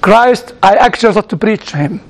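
Man, high voice, preacher, sermon by anecdote, stops and repeats words, chuckles. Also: animated, vocal fry. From outside the United States. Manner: halting, repeats words while searching, chuckling asides. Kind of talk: sermon told as personal stories.

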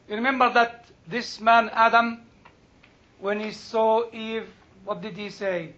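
Man, Bible teacher; very high, bright voice, slow delivery, dull lo-fi recording. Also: fairly even intonation. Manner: slow, searching for English words. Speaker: Bible lecturer. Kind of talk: informal Bible talk. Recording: dull lo-fi sound.

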